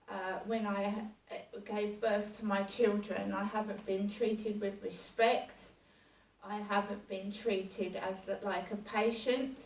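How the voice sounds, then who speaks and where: Aggrieved woman venting slowly. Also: medium pitch. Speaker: vlogger. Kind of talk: personal monologue. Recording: echoey room, far from mic.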